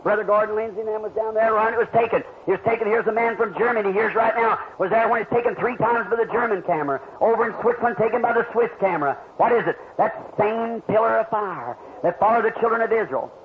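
A man's voice: high voice, fast, hardly any pauses. A man preaching a revival sermon to a crowd, telling healing stories and asking the listeners questions. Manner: fervent, storytelling, asks the crowd questions. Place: large meeting hall. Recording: dull lo-fi archival tape with hiss.

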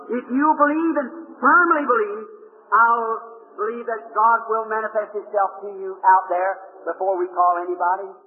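A man's voice: extremely high pitch, slight background noise. A man preaching at a healing revival who calls out people in a large meeting hall and quizzes them with short questions. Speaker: healing evangelist. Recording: old tinny archival hall recording.

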